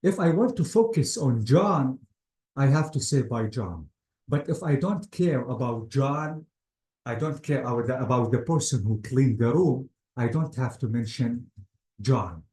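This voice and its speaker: Slow, mellow-voiced man teaching grammar. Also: mid-range voice, animated. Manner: repeats words, says "guys" often. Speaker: English teacher. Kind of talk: classroom grammar lecture. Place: classroom. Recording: roomy classroom echo.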